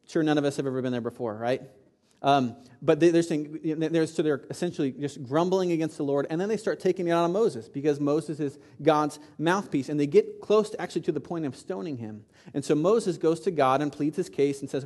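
A pastor preaching a sermon, often repeating and restarting words, building to loud peaks. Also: male voice, fairly high pitch, brisk.

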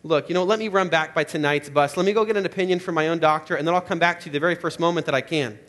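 A man's voice: a little high, very fast, fairly bright tone, close to an everyday voice. A man doing a nervous bargaining ghost. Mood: panicked. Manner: nervous, stalling, rising to panic. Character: pleading male ghost, anxious and bargaining.

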